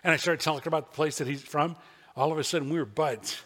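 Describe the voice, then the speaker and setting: A man's voice: on the high side, fast, fairly bright tone. A man preaching a sermon as pastor, telling folksy stories with asides. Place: church sanctuary. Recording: long reverb of a church hall.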